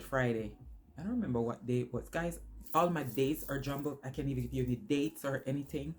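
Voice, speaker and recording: A woman's voice: very deep voice, darkish tone. A woman vlogger telling a personal story to her phone camera, rambling and losing her train of thought along the way.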